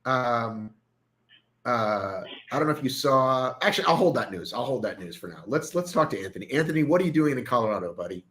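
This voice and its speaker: Brash, jokey male host of a live show, pitch all over the place. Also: brisk, poor audio. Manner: animated, joking, swears freely. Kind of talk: casual live show chat.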